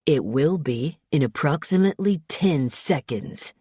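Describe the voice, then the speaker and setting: A woman voicing a brooding, ruthless young mafia heir with a New Jersey accent, speaking in a low, slow, menacing drawl. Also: expressive, warm tone, husky, no echo, studio quality, heavily acted.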